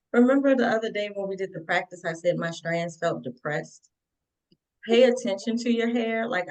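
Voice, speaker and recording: A woman's voice: medium pitch, poor audio. Woman, contributor on a video call, folksy and conversational. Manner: conversational, folksy, addresses listeners directly. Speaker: webinar contributor. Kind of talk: casual advice sharing.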